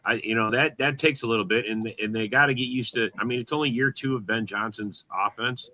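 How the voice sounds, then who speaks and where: Bright, sharp-toned halting man. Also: mid-range voice. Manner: halting, calming the others down. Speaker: sports talk co-host. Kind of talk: casual sports debate.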